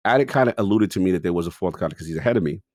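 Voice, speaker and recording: A man's voice: deep voice, animated, racing, darkish tone, dry recording, clean studio sound. A man co-hosting a podcast, telling a gaming story in casual chat and acting out his own reactions. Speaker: podcast co-host.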